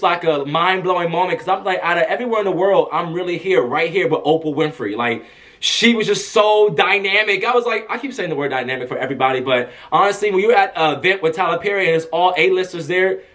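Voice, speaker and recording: A young man telling a casual story to camera as a vlogger, animated and chatty, acting out what people said. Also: sits high, fast. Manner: animated, chatty, acts out quotes in a raised voice. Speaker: vlogger and press escort.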